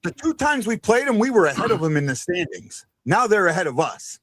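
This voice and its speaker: Lively high-voiced enthusiastic male host. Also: a little fast, dry recording. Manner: enthusiastic, loud and animated. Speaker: podcast host. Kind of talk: live fan reaction stream. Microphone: remote stream mic.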